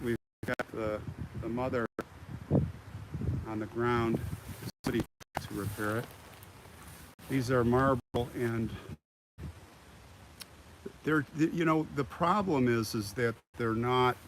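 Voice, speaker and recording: An older American man rambles casually as he walks outdoors and reads out viewer comments on a live stream. His voice sits at an ordinary middle pitch. It comes through a phone on a broken-up stream, buried under heavy hiss, crackle and wind. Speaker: livestream host. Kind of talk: live walking tour commentary. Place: outdoors in a cemetery. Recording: harsh noisy live-stream audio.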